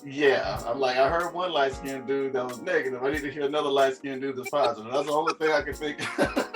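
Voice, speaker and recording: A man's voice: medium pitch, quick pace, over loud music. A man co-hosting a podcast in casual chat, telling stories with lots of laughter. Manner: laughs often, animated storytelling. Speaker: podcast co-host.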